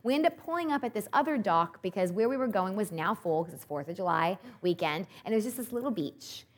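A woman's voice: medium pitch, expressive, fast. A woman in her thirties giving an earnest devotional talk, telling a story with animation. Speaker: speaker at a Christian event.

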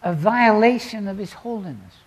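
A man preaching a sermon, telling the story dramatically and swinging between loud exclamations and quiet asides. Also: sits high, moderate pace.

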